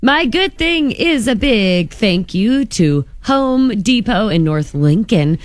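A woman's voice: a little high, expressive, takes it slowly, no room sound. A woman co-hosting a local morning radio show, sharing community news in a chatty way with frequent fillers. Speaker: radio co-host.

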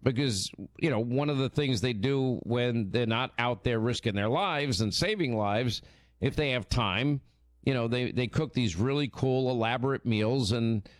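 A man hosting a radio show, telling stories in casual, animated, teasing on-air chat. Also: mid-range voice, a little slow, no echo, clean studio sound.

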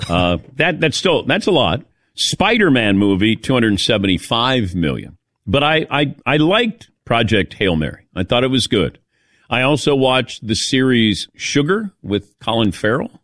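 A man's voice: measured pace, dry recording, clean studio sound. A man hosting a radio talk show, telling stories in casual chat and mimicking people in a raised voice. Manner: animated storyteller, mimics people in higher voice.

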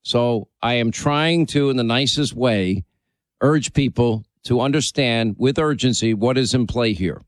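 A man hosting talk radio into a dry, close studio microphone. His pitch sits in the middle range. He presses his points with urgency and repeats phrases to drive them home. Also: unhurried, no echo. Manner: emphatic, urgent, repeats for emphasis. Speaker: radio talk show host.

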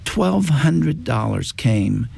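An older man telling a family story in a reflective faith talk, with pauses and fillers. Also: medium pitch, sing-song, vocal fry, warm tone, husky. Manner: slow, reflective, with fillers and quoted dialogue. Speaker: guest.

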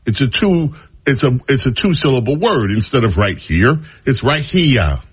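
A man's voice: medium pitch, big pitch swings, normal speed, breathy edge. A man hosting a talk radio show, speaking in a sarcastic, mocking monologue full of rambling asides.

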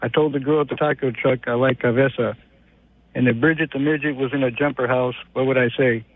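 A man's voice: mid-range voice, steady tone, husky. A man from the Bay Area calling a radio show by phone to fire off crude one-liners. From San Francisco Bay Area. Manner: crude, rapid-fire joker. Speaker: radio caller. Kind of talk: phoned-in joke lines. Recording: tinny phone line.

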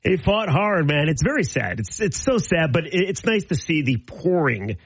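A man talking on a radio show, telling stories with animated impressions of a colleague. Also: a little high, moderate pace, husky, dry recording, poor audio. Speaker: radio host. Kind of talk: casual studio chat. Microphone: studio microphone.

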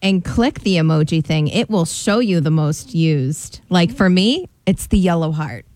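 A woman's voice: fairly low pitch, expressive, measured pace, darkish tone, no room sound. A woman co-hosting a radio show, chatting casually and giggling often. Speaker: radio co-host. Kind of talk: casual on-air chat. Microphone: studio microphone.

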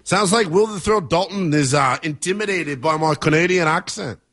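A man's voice: a little high, normal speed, a bit bright. A man hosting a sports talk radio show, brash and joking with callers and co-hosts.

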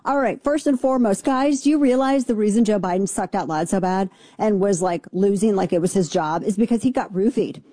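A woman hosting a talk radio show, giving brash, sarcastic and opinionated commentary in a fast, punchy delivery. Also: mid-range voice, warm tone, dry recording, clean studio sound.

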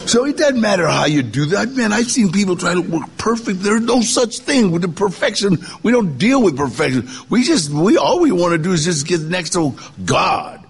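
A man's voice: high voice, very animated, normal speed, hardly any pauses, breathy edge. An older man telling his life story in a casual, conversational way, acting out the voices of people he quotes. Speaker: guest storyteller. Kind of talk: personal storytelling.

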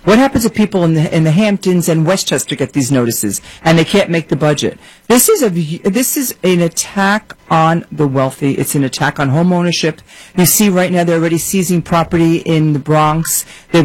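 A woman who is a real estate guest on a panel, speaking forcefully and with alarm in rapid lists. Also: deep voice, no room sound, poor audio. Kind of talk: panel discussion.

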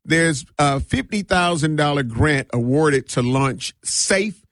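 A man hosting a radio show in a studio, chatting casually and joking with slang and a relaxed drawl. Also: a little high, slow, dry recording.

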